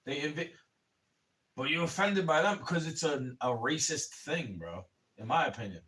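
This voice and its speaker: A man ranting on a livestream, rambling and swearing and calling the listener bro, getting louder in angry bursts. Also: on the high side, animated, normal speed. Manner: rambling and profane, keeps saying "bro"; angry, rising to shouting in bursts. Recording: voice a bit far from the mic.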